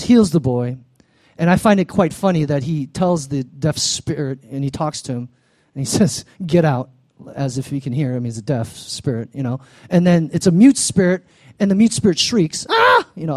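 High-voiced pastor preaching a lively sermon. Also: male voice, no room sound. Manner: animated, acts out the people in the story; calls to the congregation for an amen.

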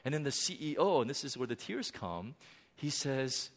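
A man preaching a sermon with animated emphasis, dramatic pauses and frequent restarts. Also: mid-range voice. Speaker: pastor. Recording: long hall reverb.

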